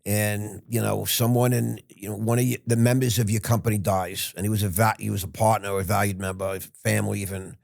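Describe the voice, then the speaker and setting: A man's voice: on the low side, flat delivery, fairly quick, vocal fry, hardly any pauses, darkish tone, no echo, studio quality. A man in his sixties, a podcast guest, telling a rambling, frank story with restarts and the odd curse word. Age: 60s. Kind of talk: casual interview storytelling.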